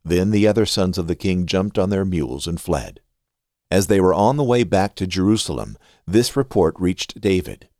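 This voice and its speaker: A man hosting a podcast and reading scripture aloud in an expressive, scripted way. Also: low voice, normal speed, dry recording, studio quality. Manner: expressive reading with a lively rise and fall.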